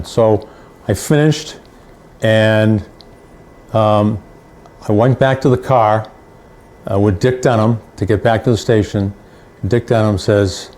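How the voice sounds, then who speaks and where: A man's voice: fairly low pitch, fairly even intonation, takes it slowly, long pauses, a little mellow. An older male sports reporter recounting stories in an anecdotal way, repeating phrases for emphasis. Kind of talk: storytelling.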